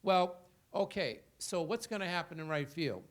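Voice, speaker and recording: A man's voice: on the high side, animated, normal speed. A man on a panel analyzing baseball, firing off rhetorical questions in an argumentative way. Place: hotel event room.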